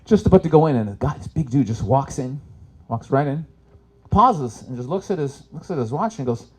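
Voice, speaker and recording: Guy doing stand-up at an expo, super lively up and down voice, yells out bits. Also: medium pitch, a little fast, slightly rough. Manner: animated, jumps into loud shouted impressions. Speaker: stand-up comic. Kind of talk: live stand-up storytelling. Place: expo stage before an audience.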